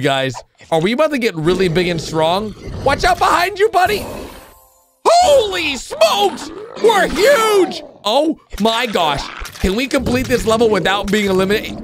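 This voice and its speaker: A man giving excitable reaction commentary to cartoons, exclaiming and shouting often. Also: high-pitched, unhurried, background noise. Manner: exclaiming, frequent shouts and laughs. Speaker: video reactor. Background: cartoon music and sound effects.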